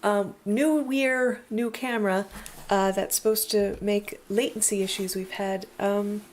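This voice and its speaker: A woman's voice: medium pitch, steady tone, measured pace, darkish tone, a little hiss or hum. Chatty woman hosting a music stream. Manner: chatty and rambling, frequent ums and asides. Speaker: singer-songwriter hosting a weekly live stream. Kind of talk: casual live-stream chat. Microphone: computer webcam setup.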